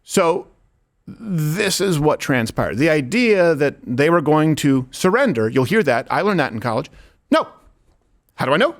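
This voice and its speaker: A man's voice: fairly high pitch, measured pace. A man hosting a political talk show, talking casually, joking and laughing with his co-hosts. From United States. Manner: lively, joking, laughs often. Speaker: host.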